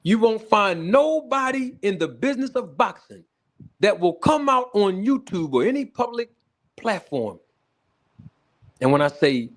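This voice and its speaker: Male livestream host, high voice with big swings, loose animated chatter that breaks into laughs. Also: unhurried. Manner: animated, laughs often, greets viewers in the chat. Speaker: host of a boxing talk livestream. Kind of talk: casual livestream commentary.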